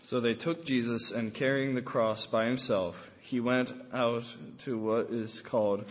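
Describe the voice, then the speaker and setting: A man reading a Gospel passage aloud in church, steady and measured, with a few small stumbles. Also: medium pitch. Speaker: scripture reader. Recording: long echo in a large church.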